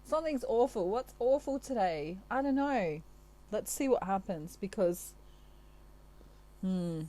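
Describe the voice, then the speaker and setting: A woman chats playfully to her viewers as a tarot reader, breaking into frequent giggles. She talks in an unhurried, mellow voice. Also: lowish voice, slight background noise. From Australia. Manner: chatty, giggly, playful asides. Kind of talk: casual chat to camera.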